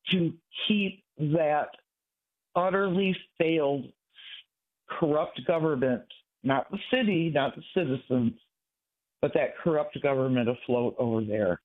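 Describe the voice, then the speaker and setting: A man in his sixties from Michigan, calling in to a radio show, talking in an earnest, halting, rambling way. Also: on the high side. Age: 60s. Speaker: caller. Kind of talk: call-in radio talk. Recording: tinny phone line.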